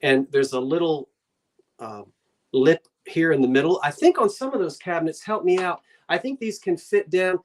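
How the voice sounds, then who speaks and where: A woman's voice: low voice, moderate pace. An older woman with a New Jersey accent, hosting a live online antiques sale in a chatty, rambling way, talking to herself and her viewers as she goes.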